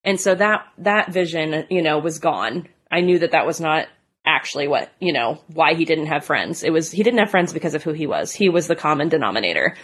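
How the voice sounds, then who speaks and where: A woman's voice: low-pitched, expressive, fairly quick, fairly bright tone, husky. A woman in her thirties telling her own story in a candid, conversational way, full of "like" and "you know". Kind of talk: personal testimony.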